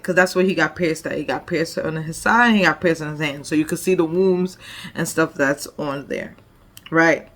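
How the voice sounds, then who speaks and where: A woman's voice: low-pitched, moderate pace, fairly bright tone. A woman leading a devotion, retelling a Bible story conversationally with frequent "like" and "you know". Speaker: devotion leader.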